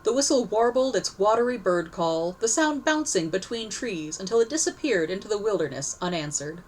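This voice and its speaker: A woman's voice: medium pitch, expressive, moderate pace, slight background noise, low-quality recording. A woman narrating a story aloud, reading expressively and correcting herself now and then. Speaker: story reader.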